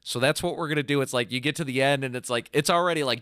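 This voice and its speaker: A young man with a mid-range voice talks in a loose, rambling way, scattering "like" through his sentences. He turns animated when he mimics guitar riffs with "bum" and "dun" sounds. The sound is close and dry, with little room. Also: mid-range voice, fast, few pauses, smooth, dry recording. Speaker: podcast co-host and band singer. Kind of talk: casual chat.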